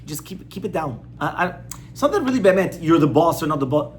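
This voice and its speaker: A rabbi with a fairly high, very animated voice gives an informal Torah class on parenting, speaking fast over slight background noise. He's conversational yet firm, repeating points and posing rhetorical questions to the audience.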